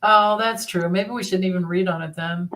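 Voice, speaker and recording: A woman's voice: lowish voice, fairly even intonation, normal speed, fairly bright tone. A woman hosting a live tarot reading stream, chatting casually, reading viewer comments aloud and laughing easily. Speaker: tarot reader hosting a livestream.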